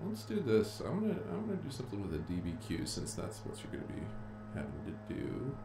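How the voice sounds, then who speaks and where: A male teacher with a very low voice talks his students through a live stream, chatty and unhurried as he thinks aloud. His voice carries the echo of a bare room, with a faint hiss behind it. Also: wildly swooping pitch, creaky. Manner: chatty, thinking aloud while clicking around. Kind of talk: casual live-streamed lecture. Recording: echoey room with faint noise.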